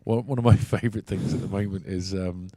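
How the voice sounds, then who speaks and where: A man's voice: deep voice, steady tone, a little fast, mellow, no room sound. A man giving casual, jokey co-commentary on a pool match, bantering and laughing often.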